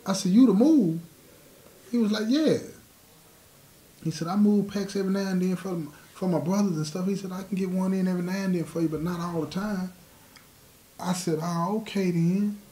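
A man's warm, high-sitting voice moves at a moderate pace as he tells a streetwise prison story. He acts out the dialogue and keeps asking whether you follow him with "you know what I'm saying." The recording carries a roomy echo.

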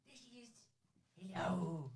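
This man has a fairly high voice for a man and talks in a loose, chatty way. He keeps teasing his co-host and laughing through the commentary. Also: unhurried, gravelly, husky. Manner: playful teasing, laughs often. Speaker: film commentary podcast co-host. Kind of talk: casual movie commentary chat.

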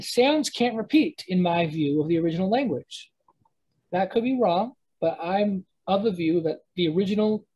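A woman's voice: fairly low pitch, dark tone, slightly rough, low-quality recording. A woman teaching a Hebrew pronunciation lesson to a live class, thinking aloud with many restarts and self-corrections as she sounds out words. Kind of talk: live class lecture with students.

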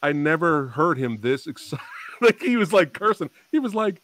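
A man hosting a casual interview, chatty and animated, laughing and swearing as he tells stories. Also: fairly high pitch, normal speed. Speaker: host.

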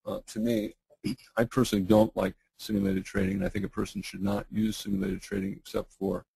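A middle-aged man with a low, gravelly voice that is going hoarse, answering webinar questions. He talks in a halting way, full of fillers and restarts. His tone is dark and mellow, and the sound is dry and close. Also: very animated, no echo, low-quality recording. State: losing his voice, clearing throat. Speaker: guest trading educator.

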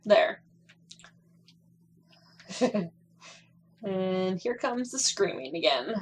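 A young woman talks her way through a game in unhurried, drawn-out phrases. She swears freely and snaps back at characters on screen, breaking into laughs and little squeals as she plays. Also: mid-range voice, expressive, a little hiss or hum. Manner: laughs and squeals while playing. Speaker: gameplay streamer. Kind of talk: casual gameplay commentary.

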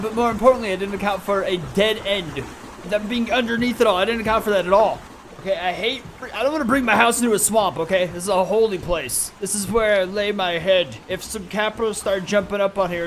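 Excitable, profane young male gamer. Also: sits high, a little hiss or hum. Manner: excitable, profane, yells at the game. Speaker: gaming YouTuber. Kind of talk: let's play commentary.

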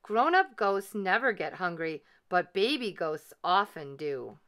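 Woman reading a bossy cat, short one-word orders, cool and calm. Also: fairly low pitch, unhurried. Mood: curt. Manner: clipped one-word commands.

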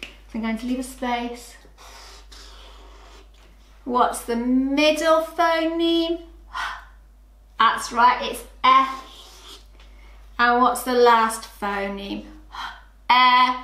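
A woman teaching young children phonics, sounding out letters clearly and asking them to join in. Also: fairly high pitch, pushed and bright, reverberant. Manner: slow, sing-song, clearly sounds out letters. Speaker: early years phonics teacher.

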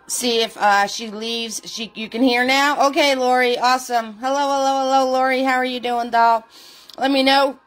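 A chatty woman hosts a live painting session, greeting viewers one by one with lots of fillers. Her voice sits a little high, and faint music plays behind her. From New Jersey. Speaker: live painting class host. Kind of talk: casual live-stream chat.

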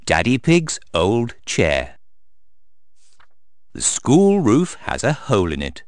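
A man narrating a children's storybook in an expressive, sing-song reading style. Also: mid-range voice, takes it slowly.

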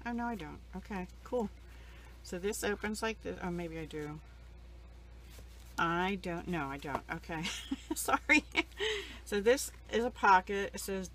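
A woman, older, casually showing off craft supplies she got in the mail, rambling and gushing, emotional and close to tears at times. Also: lowish voice. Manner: rambling, soft-spoken, emotional, near tears. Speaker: crafting vlogger. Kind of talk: casual show-and-tell.

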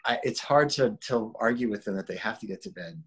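A man in his forties, an actor being interviewed, talking in a relaxed, rambling way with restarts and laughs. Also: on the low side, fairly quick, breathy edge. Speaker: actor guest. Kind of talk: casual interview chat.

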